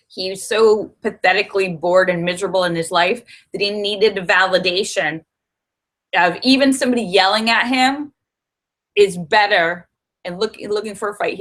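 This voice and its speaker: A medium-pitched middle-aged woman hosts a casual livestream chat from home in Los Angeles. She tells stories in a chatty way, becoming animated as she acts out what people said.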